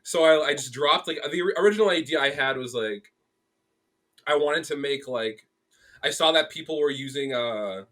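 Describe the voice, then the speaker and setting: Bright-voiced young man telling an animated story. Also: on the high side, moderate pace. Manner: animated storytelling, acts out quotes, many fillers. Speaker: podcast guest, graphic artist. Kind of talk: casual chat.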